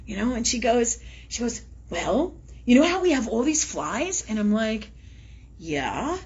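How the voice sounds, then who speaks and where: A woman hosts a live spiritual talk show, telling a story casually and animatedly with lots of swearing and laughter. Her voice is on the high side and slightly rough, at normal speed, and the audio is dull.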